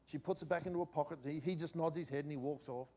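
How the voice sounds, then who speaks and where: A middle-aged man, a pastor telling a personal story in a sermon, animated and shifting between loud and quiet. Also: fairly high pitch, fast. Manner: animated anecdote-telling with swings in loudness.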